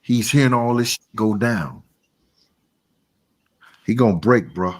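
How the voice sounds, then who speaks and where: A man co-hosting a casual reaction podcast, making his points emphatically and repeating himself. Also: measured pace. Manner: emphatic, repeats points, trails into low mumbling. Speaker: podcast co-host.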